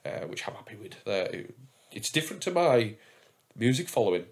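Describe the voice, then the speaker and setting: A man's voice: on the low side, very animated, brisk. A man hosting a casual podcast, chatty and self-mocking, swearing freely as he tells stories. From England. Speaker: podcast host.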